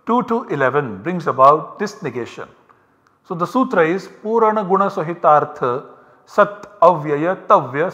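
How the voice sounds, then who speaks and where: A man with a slightly higher voice lectures to a class, patiently walking through each step and repeating key points. His voice carries a long reverb, as if recorded in a lecture hall. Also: a bit bright, dull audio. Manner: methodical, explains step by step with repetitions. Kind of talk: university lecture.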